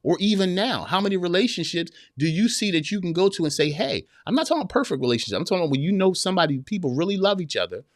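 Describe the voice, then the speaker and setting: A man's voice: sits high, big pitch swings, fast, hardly any pauses, no echo, studio quality. A man in his forties hosting an advice podcast, talking straight to listeners with emphatic repeated phrases. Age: 40s. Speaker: podcast host giving relationship advice. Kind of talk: casual counseling talk to listeners.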